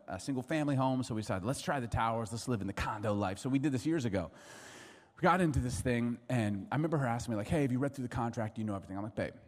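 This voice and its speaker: Animated male pastor in a reverberant hall. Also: medium pitch. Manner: animated, joking, laughs often. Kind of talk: sermon with humorous storytelling. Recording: long reverb of a large hall.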